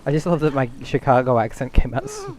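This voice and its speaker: A man streams a game and talks through it in a loose, rambling way, thinking aloud and chatting with viewers. His voice sits at an ordinary middle pitch. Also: huge pitch swings, quick pace, darkish tone. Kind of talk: casual gameplay commentary.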